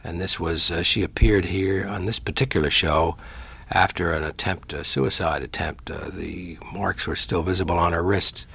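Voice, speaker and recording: Gravelly, deep-voiced older man. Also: fairly even intonation, normal speed, pushed and bright. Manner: fond, rambling, with restarts. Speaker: veteran radio actor, guest. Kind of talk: reminiscing interview.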